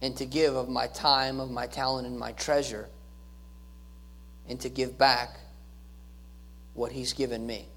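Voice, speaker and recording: A man's voice: mid-range voice, flat delivery, a little slow, gravelly, long pauses, a bit bright. A male pastor giving an earnest sermon, repeating key phrases and restarting his words as he preaches.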